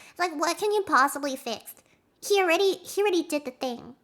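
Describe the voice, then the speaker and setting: A young woman streamer chatting with her viewers, rambling excitedly, acting out quotes and laughing often. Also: extremely high pitch, a little fast. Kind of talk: casual chat with stream viewers.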